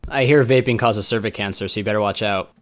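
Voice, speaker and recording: A man on a podcast panel, dropping crude one-liners with a deadpan delivery. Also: fairly low pitch, fast talker. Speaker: podcast co-host. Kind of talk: casual crude podcast banter.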